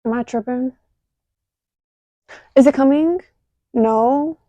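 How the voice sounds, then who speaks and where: A young woman chatting casually while crafting, talking excitably with lots of filler words into a phone camera at home. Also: high-pitched, slow pace, dry recording, muffled recording. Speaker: craft vlogger.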